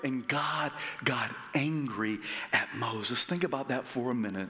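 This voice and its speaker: Brief: male preacher with a bright, slow, highly animated delivery. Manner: dramatic, animated storytelling with sudden whispers and shouts. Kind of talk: sermon.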